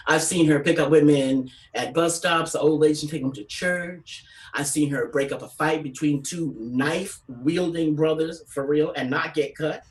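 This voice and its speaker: A woman telling stand-up stories from California, animated and acting out voices with big pitch jumps. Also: a little fast, far from the mic, rough recording. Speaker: comedian. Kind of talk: stand-up storytelling.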